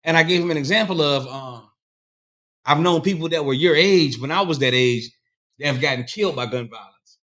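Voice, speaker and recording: Man, slightly high voice, casual podcast chat, rambling profane storytelling. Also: a little fast, pushed and bright. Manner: rambling, profane anecdote telling.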